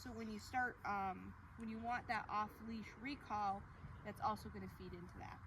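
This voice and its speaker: A young woman dog trainer explaining a recall exercise during an outdoor training demonstration, calm between bright calls to the dog. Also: normal speed. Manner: explains calmly, then high excited calls to the dog. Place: outdoors on a walk. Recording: distant mic with outdoor noise.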